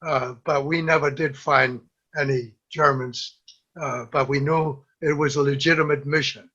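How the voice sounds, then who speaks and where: Older male storyteller, high bright voice, dull lo-fi audio, lively anecdote delivery. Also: a little slow. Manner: lively storyteller, quotes others in raised voice, laughs at own tale. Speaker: WWII veteran guest. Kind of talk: telling a war story.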